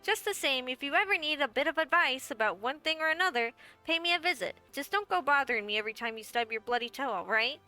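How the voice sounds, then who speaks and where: A woman's voice: sits high, lively intonation, fast talker, sharp tone, faint music behind. A woman voicing a brassy, folksy little guildmaster and innkeeper in a game, with a wry storytelling manner. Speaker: game character. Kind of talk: game voice acting.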